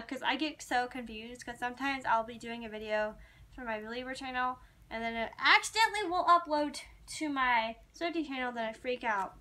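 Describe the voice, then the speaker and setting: A young woman chats to her viewers in a casual, rambling vlog. Her voice is bright and sits a little high, and she talks like an excited fan. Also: moderate pace. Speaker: vlogger. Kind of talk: casual chat to camera.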